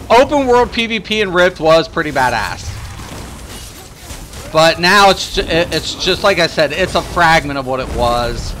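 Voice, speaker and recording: A man's voice: a little high, lively intonation, takes it slowly, bright, forceful tone, slight background noise. A man giving casual, rambling gameplay commentary, swearing and complaining as he plays. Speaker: gaming streamer.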